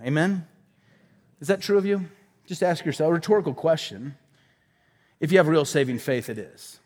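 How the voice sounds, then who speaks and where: A male pastor delivers a sermon in a fervent, emphatic way, stacking repeated phrases for force. His voice sits high for a man, and it rings out with the long reverb of a large hall. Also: animated, a little fast, pauses often.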